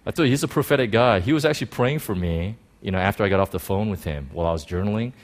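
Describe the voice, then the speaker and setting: A man preaching a sermon, telling a personal story in an excited, animated way with many restarts. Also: on the low side, racing.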